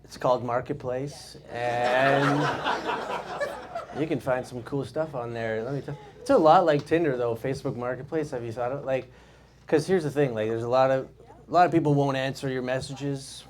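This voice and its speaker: A man's voice: mid-range voice, moderate pace, background noise. A man, performing a casual stand-up set in a comedy club and laughing at his own jokes. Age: 20s. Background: audience laughter.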